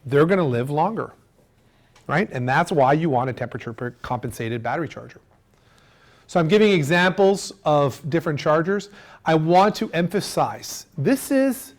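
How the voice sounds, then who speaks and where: Lively man teaching a boat wiring seminar. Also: a little high, moderate pace. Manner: animated, acts out customer voices, food analogies. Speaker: marine electrical seminar presenter. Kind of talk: lively technical seminar talk.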